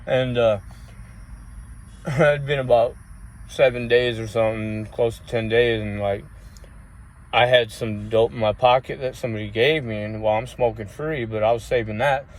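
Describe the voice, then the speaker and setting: A man's voice: mid-range voice, steady tone, normal speed. A man vlogging, telling rambling personal stories in a casual way, swearing often and using many fillers. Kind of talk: casual storytelling.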